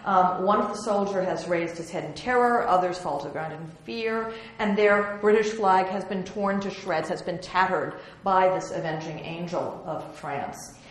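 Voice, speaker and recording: A woman's voice: on the low side, moderate pace. A woman giving a slide lecture on historical prints, chatty and wry, with many ums and restarts. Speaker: museum curator giving an illustrated lecture. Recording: very echoey room with faint hiss.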